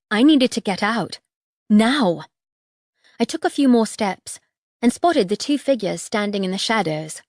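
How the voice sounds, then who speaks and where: A woman reads a first-person fantasy audiobook, her voice mid-pitched and tense yet measured. The recording is dry and close, with no room sound. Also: no echo. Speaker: audiobook narrator.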